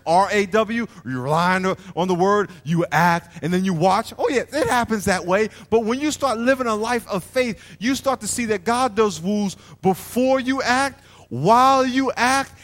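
A man preaching a lively sermon as pastor, acting out small scenes and calling on the congregation to answer him. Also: high voice, normal speed. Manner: animated preaching, plays out little scenes and asks the crowd to respond. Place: church hall. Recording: long hall reverb.

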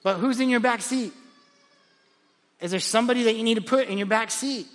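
A man preaching a sermon as pastor, energetic and storytelling, often repeating words as he restarts his thoughts. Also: very high voice, fairly quick, in a large hall. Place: large church auditorium.

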